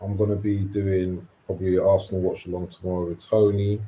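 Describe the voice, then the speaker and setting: A man's voice: low voice, little pitch movement, a little fast, warm tone, slight background noise, poor audio. A man, co-hosting a laid-back casual chat. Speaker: co-host.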